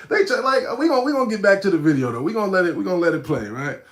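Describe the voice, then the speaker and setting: A man hosting a casual live stream, reacting to a video and talking straight to his chat in street slang, animated and mocking, dropping to low mutters and then bursting out loud. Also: very fast.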